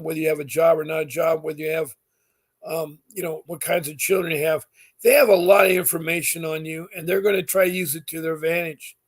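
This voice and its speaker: A middle-aged man talking straight to his viewers, giving earnest, insistent advice that repeats its points, with many fillers. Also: a little high. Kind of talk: direct-to-camera advice talk.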